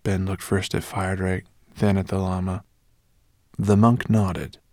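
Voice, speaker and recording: A man narrating a children's fantasy novel in a measured storytelling manner. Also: sits low, flat delivery, a little mellow, dry recording, studio quality. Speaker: audiobook narrator. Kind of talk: scripted narration.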